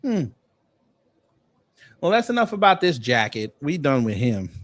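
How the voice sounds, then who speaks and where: A man hosts a casual commentary video, mocking his target in slangy, deadpan jokes. His voice sits a little on the high side. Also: measured pace. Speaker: host. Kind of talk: roasting commentary.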